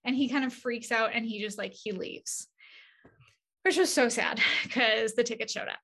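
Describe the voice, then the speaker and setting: A woman being interviewed, telling stories in a casual, animated way and acting out quoted dialogue. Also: on the high side, normal speed, breathy edge. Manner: many fillers and restarts, chatty. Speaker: agency CEO, interview guest. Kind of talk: casual conversational storytelling.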